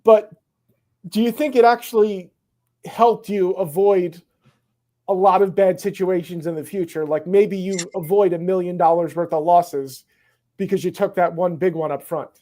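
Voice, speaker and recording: A man interviewing a guest in casual conversation, quick and easygoing, sometimes tripping over his words. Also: high voice, fairly even intonation, mellow.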